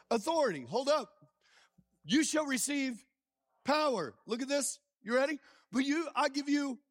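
High-voiced preaching man. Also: no room sound, studio quality. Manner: energetic call-and-response preaching, quizzing the congregation. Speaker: pastor. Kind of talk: sermon. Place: church.

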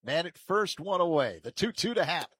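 A man calling baseball play-by-play from a ballpark booth, with measured calls that lift and get louder on each pitch. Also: very animated, husky. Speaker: play-by-play announcer.

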